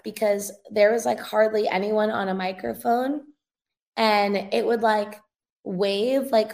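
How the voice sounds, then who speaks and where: Gravelly and darkish in tone, with a mid-range pitch, a young woman speaks as a guest in a casual podcast interview. She is a revivalist minister giving an earnest, emotional conversational testimony.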